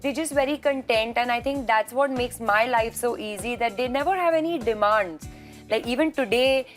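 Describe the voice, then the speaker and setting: A woman guest speaks earnestly over a video call, her voice a little high for a woman. She reflects on her life with frequent restarts, and faint music sits beneath her. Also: moderate pace. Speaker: actress guest. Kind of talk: video-call interview answers.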